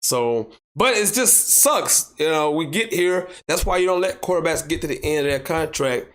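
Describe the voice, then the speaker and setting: A man's voice: on the high side, normal speed. A man with a Southern American accent hosting a solo sports podcast, arguing his points with heavy repetition and reading viewer comments aloud. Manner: animated, repeats points for emphasis, rising to near shouts; reads viewer comments aloud and argues back. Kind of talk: solo sports talk show.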